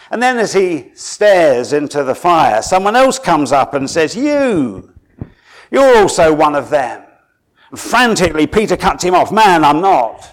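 A man from Suffolk in England, preaching a sermon in a dramatic storytelling way that drops to a hush and then rises for emphasis. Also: fairly high pitch.

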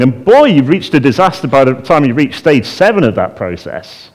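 Lively preacher with a very varied voice. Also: male voice, brisk, few pauses. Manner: animated, acts out a crying child in a high voice; drops to a hushed voice on calming phrases. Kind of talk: sermon.

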